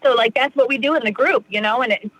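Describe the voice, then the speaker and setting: A woman's voice: a little high, fast, fairly bright tone, no room sound, poor audio. A woman in her thirties from Massachusetts, a podcast guest chatting casually about her recovery, rambling with lots of "you know" and restarts. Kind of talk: casual interview talk.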